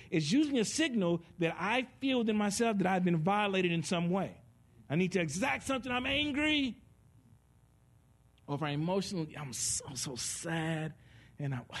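A man preaching a teaching sermon in an animated way, with sound effects and laughter. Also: high voice.

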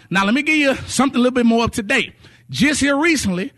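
This is a fast-talking man with a very high voice, preaching. His sermon weaves testimonies together through vivid storytelling, acted quotes, and occasional singing.

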